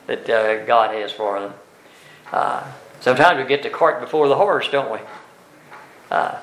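A man teaching a Bible class, speaking slowly and deliberately with many fillers and tag questions, and reading scripture aloud with emphasis. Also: mid-range voice, fairly bright tone, reverberant, rough recording.

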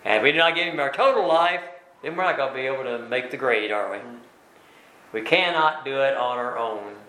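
A man's voice: medium pitch, fairly quick, sharp tone. A man teaching a Bible study in a plain, folksy way with frequent fillers. He keeps turning points into questions for his listeners. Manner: asks rhetorical tag questions. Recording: echoey room.

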